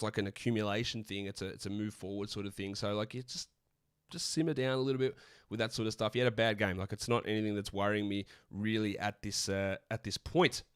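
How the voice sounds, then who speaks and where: An Australian man co-hosting a live stream, answering viewer questions in a blunt, opinionated, rapid-fire way. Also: lowish voice, a bit bright, smooth, no room sound, studio quality. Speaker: podcast co-host.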